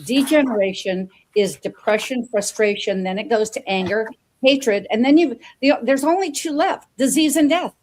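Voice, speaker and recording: A woman hosts a talk show with a slightly high voice. She gushes and rambles, doubling back on words as she chats with her guest. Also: normal speed, darkish tone, a little hiss or hum. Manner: effusive, repeats words, rambling asides. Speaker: show host. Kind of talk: enthusiastic interview chat.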